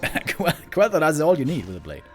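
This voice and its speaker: A man commentating a strategy game match solo, chatty and excitable, laughing often and rambling off-topic. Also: fairly high pitch, normal speed, soft background music. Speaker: esports caster.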